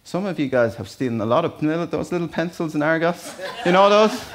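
A man's voice: a little high, animated, fairly quick. An Irish man preaching a sermon in a church, talking to the congregation in a conversational, storytelling way with asides. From Ireland. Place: church hall.

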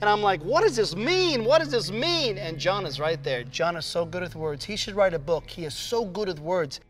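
An actor playing the disciple Peter as an excitable, rambling man in a comedy skit. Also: high-pitched, normal speed. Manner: breathless rambling storytelling, big swings of excitement.

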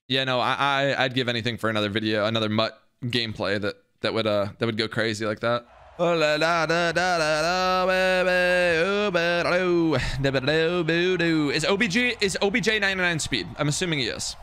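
A young man commenting on his own gameplay on a live stream, chatting with viewers and shouting when plays go wrong. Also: mid-range voice, smooth. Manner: excitable, yelling in frustration, chatting with stream viewers. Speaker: gaming streamer. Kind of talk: live game commentary while playing.

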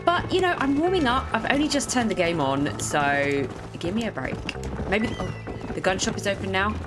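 A woman's voice: medium pitch, very animated, moderate pace, over music. A young woman giving casual, playful commentary while she plays a game. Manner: chatty and playful, laughing often. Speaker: gaming streamer. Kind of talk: casual Let's Play commentary.

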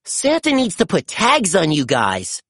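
A woman voicing an eager young male puppy police dog in a storybook read-aloud, calling out excitedly. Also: lowish voice, unhurried, breathy edge, no room sound, clean studio sound, pitched above the performer's own voice, exaggerated voice. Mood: weary.

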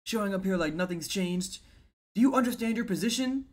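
A man's voice: sits high, fairly quick, voice pushed up, close to an everyday voice. A man reading as a stern, suspicious ninja teacher. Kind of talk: manga read-aloud.

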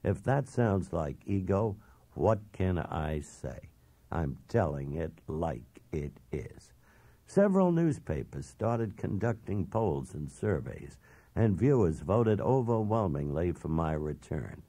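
A man's voice: low-pitched, very animated, slow pace, mellow, no echo. A man narrating a first-person memoir audiobook in a blunt, self-assured, emphatic way.

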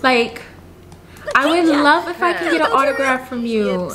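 A woman's voice: high-pitched, animated, unhurried, over a noisy crowd. A woman casually commenting on her life-sim game in a chatty, slangy, giggly way. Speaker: gaming youtuber. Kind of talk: casual let's-play commentary.

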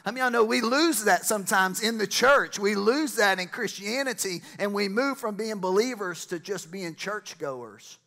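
A man preaching a lively sermon, building to loud excited shouts and exclamations. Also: high-pitched, normal speed, vocal fry, hardly any pauses. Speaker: pastor.

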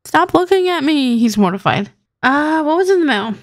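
A chatty young woman narrates her gameplay and coaxes her characters along. Her voice sits a little high and swoops through a lively, animated range. The sound is dry and close, with no room echo. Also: moderate pace. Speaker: gaming channel host. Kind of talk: casual gameplay commentary.

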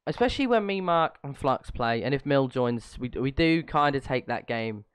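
A man of middle pitch chatting on his podcast, his voice smooth and resonant. The sound is dry and close, with no room around it. He swears freely and laughs often between quick bursts of talk. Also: lively intonation, no room sound. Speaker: podcast co-host. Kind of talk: casual chat.

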